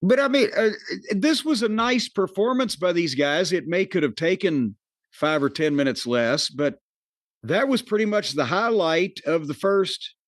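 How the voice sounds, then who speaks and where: High-voiced man ranting on a podcast. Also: expressive, measured pace, no echo. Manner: profane, opinionated ranting with dry jokes. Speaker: podcast host. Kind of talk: casual wrestling review chat.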